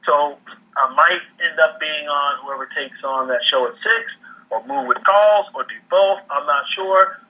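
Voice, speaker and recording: Husky-voiced man on a call. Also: a little high, normal speed. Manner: repeats and restarts words often. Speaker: guest economic commentator. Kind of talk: casual interview over a call. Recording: muffled phone-line audio.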